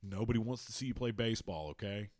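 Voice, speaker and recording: A man co-hosting a casual sports podcast, swearing freely and telling stories with lively quoted voices. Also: on the low side, quick pace. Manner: profane, animated storytelling. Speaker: podcast co-host.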